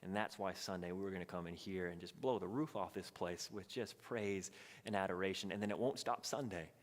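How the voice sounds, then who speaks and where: A man teaching a midweek Bible study, telling the story with animated energy. He slips into the voices of its people as he goes. His voice rings with a long reverb in a church hall. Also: sits low, fairly quick. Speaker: pastor.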